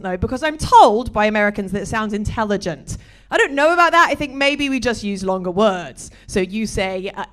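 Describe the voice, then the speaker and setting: British woman comic in middle age, slightly high voice, deadpan stand-up with bawdy jokes. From Britain. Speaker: stand-up comedian. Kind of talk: stand-up comedy set.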